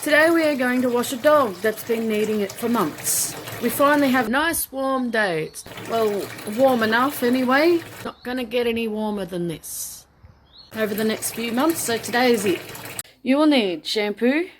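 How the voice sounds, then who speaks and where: A woman's voice: moderate pace, a little hiss or hum. A woman casually narrating a how-to video while washing her dog outdoors. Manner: chatty, talks to her dog in a very high excited voice. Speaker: vlogger showing how to bathe a dog.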